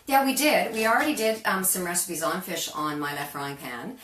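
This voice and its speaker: A woman's voice: fairly low pitch, normal speed, fairly bright tone. A woman hosting a live cooking show from her kitchen, chatting in a rambling way and laughing often. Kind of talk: casual live-stream chat. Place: home kitchen. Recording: roomy kitchen, mic far off, noisy.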